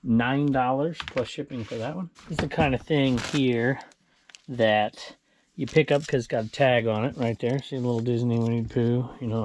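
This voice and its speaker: A man talks his way through a casual reseller vlog, rambling from one bin to the next and chuckling at his own asides. His voice sits at an ordinary middle pitch, and a faint hiss runs underneath. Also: a little mellow. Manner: rambling, chatty, chuckles to himself. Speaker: online reseller showing sold items. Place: indoor storage room with bins.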